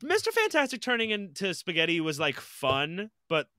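A man co-hosting a podcast in casual chat, animated and rambling, swearing now and then. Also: high voice, normal speed, dry recording, clean studio sound. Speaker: podcast co-host.

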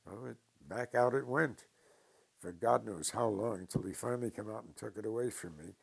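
An older man from New York telling stories from his past slowly and with dry humor in an interview. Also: fairly low pitch, creaky, slightly rough. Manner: slow, deliberate anecdotes with dry humor. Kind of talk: storytelling interview.

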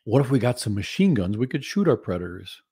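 A man's voice: mid-range voice, very animated, fast, mellow, slightly rough, no echo, clean studio sound. A man voicing a group of dim talking dinosaurs in a joke, told playfully and mock-earnestly to a live audience. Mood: joking.

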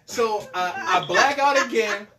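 A man's voice: sits high, measured pace, a crowd in the background. A young man hosting a podcast, telling a profane story in casual slang and acting out both sides of the dialogue. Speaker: podcast host. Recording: distant mic with faint noise.

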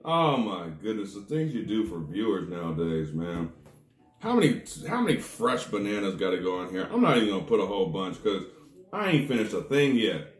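A man's voice: lowish voice, very animated, fairly quick. A man reviewing odd food combos for his viewers, groaning and complaining theatrically at every taste. His voice swings widely up and down. The sound bounces around a roomy, echoey space. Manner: dramatic, groaning reactions to the taste; talks straight to viewers as "people". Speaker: snack review vlogger. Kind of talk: casual food-tasting vlog talk.

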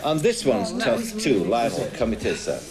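A man's voice: mid-range voice, wildly swooping pitch, moderate pace, crowd noise. A man hosting a quiz show in a chatty, teasing manner, with a studio audience behind him. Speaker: game show host. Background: live studio audience.

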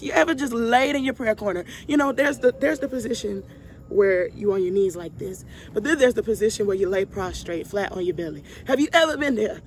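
In a medium-pitched voice with lively intonation and a slightly fast pace, a young woman vlogger leads a Bible study. She calls her viewers y'all and preaches casually, repeating lines with emphatic, heartfelt stress. Slight background noise is audible.

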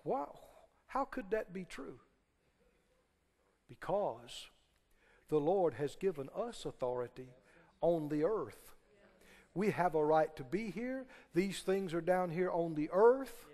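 A man's voice: a little high, expressive, takes it slowly, long pauses, dark tone, long reverb tail. A man preaching a sermon, emphatic and firing questions at the congregation. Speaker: pastor.

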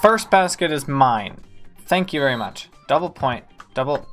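A man hosting a let's-play, commenting on a basketball game with excitable, playful mock outrage at the other team. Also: medium pitch, moderate pace, faint music behind. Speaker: gaming channel host.

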